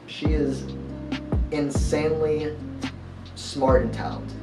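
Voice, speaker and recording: A man's voice: a little high, steady tone, slow pace. A young man talking earnestly and casually about his girlfriend. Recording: roomy, distant, music behind.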